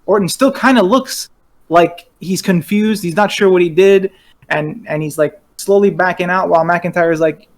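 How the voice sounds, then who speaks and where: A man's voice: fairly high pitch, steady tone, moderate pace. A man co-hosting a podcast, chatting casually and walking through events step by step with wry asides. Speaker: podcast co-host. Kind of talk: casual recap chat.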